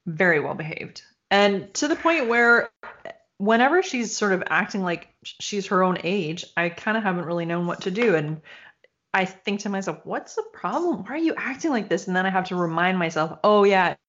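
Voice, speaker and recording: Woman telling a story, slightly muffled. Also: on the low side. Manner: animated, swearing, acts out quoted voices. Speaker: podcast co-host. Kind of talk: casual storytelling chat. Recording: dull, slightly lo-fi sound.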